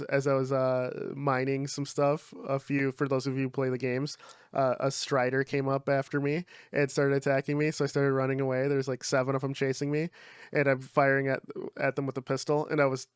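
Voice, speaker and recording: A man's voice: mid-range voice, monotone, moderate pace, smooth, dry recording, clean studio sound. A young man co-hosting a podcast, chatting in a laid-back way, swearing freely and leaning on fillers. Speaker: podcast co-host. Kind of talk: casual chat.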